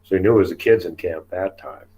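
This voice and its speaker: Chatty man with a lowish voice. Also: fast, dark tone, slightly rough, poor audio. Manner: chatty, laughs often, acts out quotes. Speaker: guest telling field encounters. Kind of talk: casual storytelling interview.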